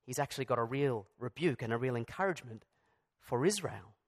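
A man's voice: mid-range voice, animated, brisk. A man preaching a sermon in a conversational way, with asides and restarts. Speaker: pastor.

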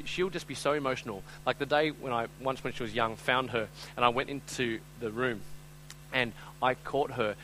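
A man preaching a live sermon, moving between loud, urgent appeals and quiet, chatty storytelling full of fillers. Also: mid-range voice, a little hiss or hum, poor audio. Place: speaking before a live audience.

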